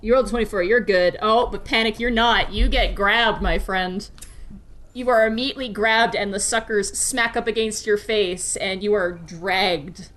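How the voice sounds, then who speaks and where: A woman's voice: medium pitch, normal speed, fairly bright tone. A woman narrating as game master of a tabletop game, playful and giggly, with lots of fillers.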